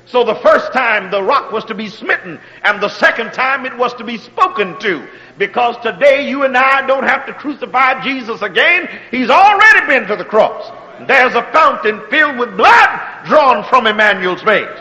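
A man preaching a sermon, checking in with his congregation and moving between quiet, drawn-out phrases and shouted exhortations. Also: very high voice, expressive, big-room sound, low-quality recording. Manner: call-and-response preaching, asks if the congregation is still with him.

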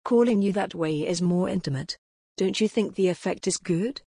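A woman's voice: mid-range voice, normal speed, mellow, breathy edge, dry recording, studio quality. Cheeky young man, as a woman reads him.

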